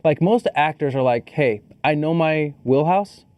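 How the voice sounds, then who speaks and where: Male co-host, relaxed mellow tone, dry close sound, casual animated movie talk. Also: fairly high pitch, unhurried, no echo. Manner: animated, joking, swears casually. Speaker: podcast co-host. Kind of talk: casual movie review chat.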